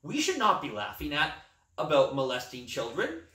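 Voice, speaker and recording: Excited man gushing about a film. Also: a little high, normal speed. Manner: enthusiastic, rambling film gushing. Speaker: podcast co-host. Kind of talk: casual movie chat. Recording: echoey room, distant mic.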